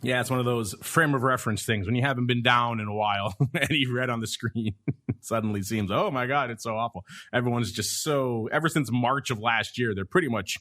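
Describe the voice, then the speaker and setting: A man's voice: medium pitch, fairly quick, pushed and bright. A man hosting a markets podcast, chatty and wry, with asides. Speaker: podcast host. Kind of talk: casual market talk.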